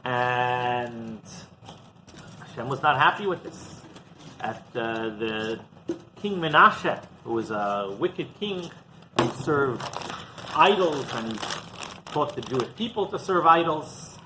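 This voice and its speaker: A man, a rabbi, retelling a Midrash story in an animated Torah talk, raising his voice for the quoted speeches. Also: mid-range voice, slow, long pauses, a little hiss or hum, low-quality recording.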